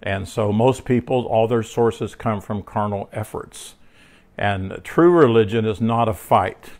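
Low-voiced man teaching scripture, rambling. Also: a little slow, a little mellow. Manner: rambling, frequent restarts and filler words; tells personal stories mid-teaching. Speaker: Bible teacher. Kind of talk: conversational Bible teaching.

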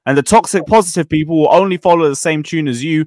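A man's voice: fairly high pitch, quick pace, no echo, studio quality. A man on a football fan panel, analysing matches and acting out quotes. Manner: animated, analytical, acts out quotes. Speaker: football pundit.

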